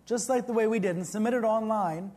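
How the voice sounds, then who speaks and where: A man's voice: sits high, quick pace, darkish tone. A man hosting a live webcast event, bantering playfully with his guest. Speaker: event host.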